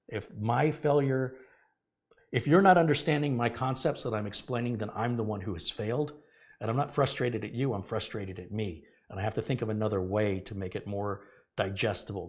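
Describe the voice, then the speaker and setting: A man's voice: medium pitch, darkish tone. A middle-aged man hosting a computer repair tutorial, talking earnestly and rambling as he corrects himself. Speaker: tech channel host. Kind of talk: casual tech tutorial.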